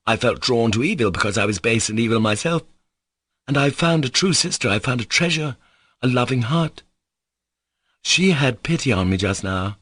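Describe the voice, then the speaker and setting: A man reading an audiobook voices a gentle young novice monk who speaks in a firm, earnest way. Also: medium pitch, animated, normal speed, dry recording, voice pushed up.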